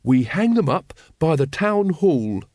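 A man voices an earnest, literal-minded young recruit in an audiobook, speaking plainly and keenly in a lively, somewhat high voice at an unhurried pace. The recording is dry and close, with no echo, and the voice pushed up.

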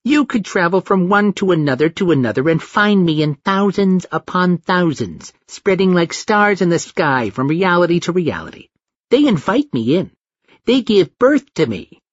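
A man's voice: high voice, no room sound, lo-fi sound, voice pushed up. A man putting on a giggling toddler-voiced alien god. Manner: taunting, crude, grandiose.

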